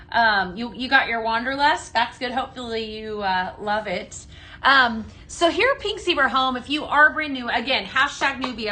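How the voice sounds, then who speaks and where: A woman hosts a live-stream product demo in a fairly high, bright, forceful voice, chatty and upbeat throughout. She often ends sentences with "right?" and greets viewers by name.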